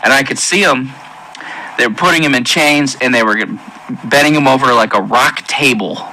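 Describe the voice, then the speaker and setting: A man giving an emotional personal testimony in an earnest, halting way, with many pauses and restarts. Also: medium pitch, pushed and bright, low-quality recording. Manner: intense, pleading delivery. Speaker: testimony speaker.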